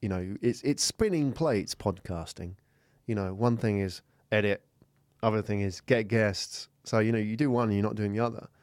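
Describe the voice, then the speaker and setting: Low-voiced British podcast host. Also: male voice, moderate pace, a little mellow, no echo, clean studio sound. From United Kingdom. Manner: encouraging, reflective interviewer. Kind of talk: casual interview chat. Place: podcast studio.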